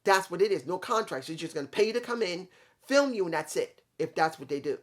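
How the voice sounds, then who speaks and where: A man's voice: a little high, fast talker, fairly bright tone. A man giving a casual, rambling spoken review of a wrestling show, talking straight to his viewers.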